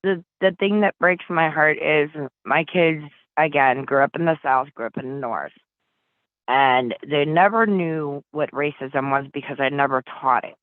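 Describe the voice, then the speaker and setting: A woman's voice: low-pitched, a little slow, dry recording. A woman from Flint, Michigan, talking as an interview guest in an urgent, emotional, pleading way over a phone line. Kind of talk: impassioned interview talk. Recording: tinny phone line, dry.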